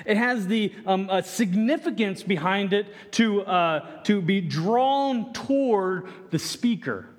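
A man's voice: high-pitched, animated, slow, few pauses. A man preaching a sermon with earnest, stammering restarts, acting out the quoted lines. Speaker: pastor. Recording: echoey hall reverb.

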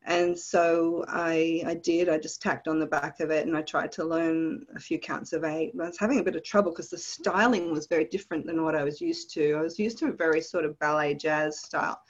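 Australian woman, lower voice, storytelling. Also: a little fast, hardly any pauses, muffled recording. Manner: animated, vivid storytelling with laughs. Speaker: guest. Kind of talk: storytelling in a podcast interview.

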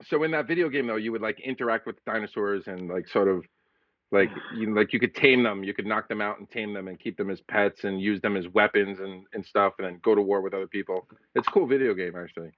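A man's voice: on the low side, fast talker, no echo. A man co-hosting a podcast in casual chat, rambling and searching for words. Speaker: podcast co-host. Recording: dull dry lo-fi audio.

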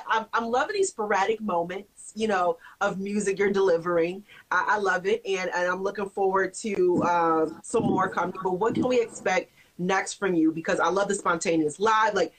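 A woman's voice: mid-range voice, moderate pace, hardly any pauses, poor audio. A woman hosts a live-stream chat, piling on praise before asking her question. She speaks over a phone connection with a faint noise underneath. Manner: warmly affirming, effusive questions. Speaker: podcast host, interviewer. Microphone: phone on a live video call.

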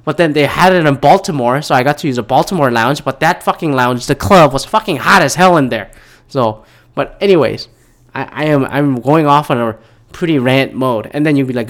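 A man's voice: medium pitch, fairly quick. A man talking alone in a casual monologue, rambling off on tangents and swearing freely as he rants. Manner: rambling, profane, goes off on tangents.

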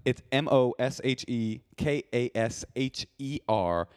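A man in casual podcast chat, spinning a long comic anecdote. He talks at a middling pitch, circles back on himself with restarts and fillers, and keeps the telling loose and animated. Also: unhurried, smooth. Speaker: podcast co-host. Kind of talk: casual comedic storytelling.

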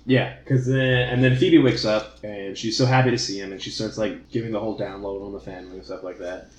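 A man's voice: on the low side, steady tone, fairly quick. Man, casual book chat, rambling, filler-heavy, echoey room. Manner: loose, rambling with many fillers. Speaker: podcast co-host. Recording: echoey room with faint noise.

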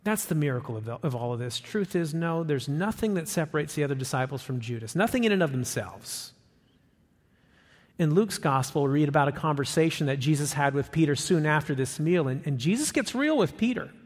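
High-voiced guy preaching, swings up and down a lot, echo hanging in the room. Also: animated, fairly quick. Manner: emphatic, rising on questions, dropping low and soft for quotes. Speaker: pastor. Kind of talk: sermon.

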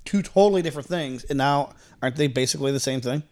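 A man's voice: medium pitch, fast, darkish tone. A middle-aged man in a casual panel chat who explains things and asks pointed questions.

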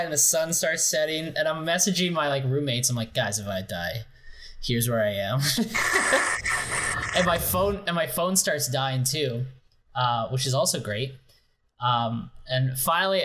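A man's voice: a little high, a bit bright, slight background noise. A young man telling a story in casual chat, rambling with lots of fillers and frequent swearing.

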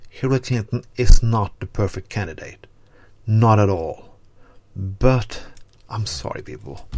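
A man rants straight to his audience, swearing and pounding the same words again and again. His voice sits fairly low. He is hosting his own commentary show. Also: a little mellow. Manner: heated, profane, repeats words for emphasis. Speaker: host of a political commentary show. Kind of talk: angry political rant to camera.

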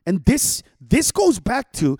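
A man's voice: very high voice, slow, no room sound, clean studio sound. A man who is a stand-up comedian, ranting in casual podcast chat, full of swearing. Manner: profane, animated ranting.

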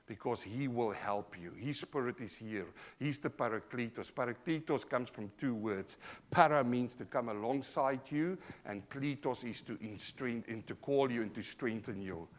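A man with an Australian accent preaching a sermon live in church, emphatic, calling out to the congregation, swinging from loud to quiet. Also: medium pitch, moderate pace. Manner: emphatic, call-and-response preaching. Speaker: pastor.

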